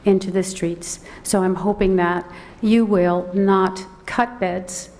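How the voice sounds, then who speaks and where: A middle-aged woman, a mother and advocate, giving public comment at a county board meeting, emotional and close to tears, halting and repeating words. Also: mid-range voice, steady tone, darkish tone. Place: large council chamber. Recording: long hall reverb, faint noise.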